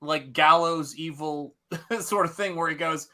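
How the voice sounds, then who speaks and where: A man with a Tennessee accent hosts a casual chat, his voice pitched high and ringing bright. He tells stories with animation and laughs as he goes. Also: a little slow. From American South. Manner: animated storyteller, laughs often, slips into accents. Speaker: host.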